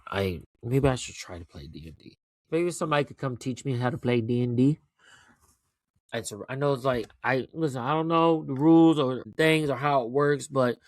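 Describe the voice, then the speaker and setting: A man hosting his own show, giving a casual, rambling recap of a TV finale. He talks with excitement, swears freely and keeps asking "right?". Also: mid-range voice, no room sound, clean studio sound. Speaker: show host.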